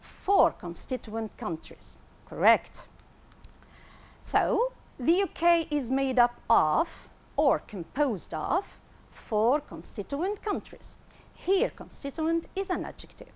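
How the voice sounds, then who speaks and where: A woman teaching an English lesson on television, explaining slowly and clearly and repeating words for pronunciation. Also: fairly high pitch, very animated, darkish tone. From Tunisia.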